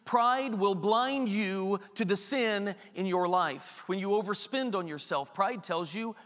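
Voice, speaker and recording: A man's voice: high-pitched, measured pace, few pauses, fairly bright tone, in a large hall. A man preaching a sermon as pastor, emphatic and repetitive, full of rhetorical questions.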